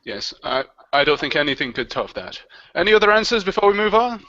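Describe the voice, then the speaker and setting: A man's voice: fairly high pitch, very animated, brisk, bright, forceful tone, no echo. A man asking the panel playful questions in a casual live stream chat. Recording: dull lo-fi live stream audio.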